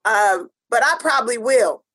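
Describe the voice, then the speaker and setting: A woman's voice: fairly high pitch, lively intonation, unhurried, fairly bright tone. An American woman co-hosting a podcast, talking in an impassioned, emphatic way and repeating phrases for stress. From United States. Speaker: podcast co-host. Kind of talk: casual podcast chat.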